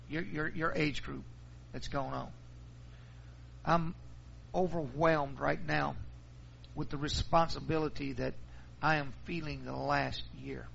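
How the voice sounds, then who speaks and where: Brief: middle-aged pastor, gravelly fry, slightly higher voice, muffled recording. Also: male voice, a bit bright, a little hiss or hum. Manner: folksy storytelling. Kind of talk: sermon.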